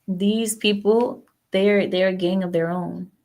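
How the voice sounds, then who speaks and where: Female streamer host, rambling and outspoken, gravelly edge. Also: medium pitch, steady tone, slow pace, darkish tone. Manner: chatty, rambling, opinionated, talks back to chat. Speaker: livestream host. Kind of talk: casual political chat with viewers.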